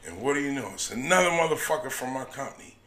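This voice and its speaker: A man's voice: medium pitch, lively intonation, quick pace. A man hosting a comedy podcast, telling a profane story with lots of laughter, in an echoey room with a crowd behind. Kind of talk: comic storytelling.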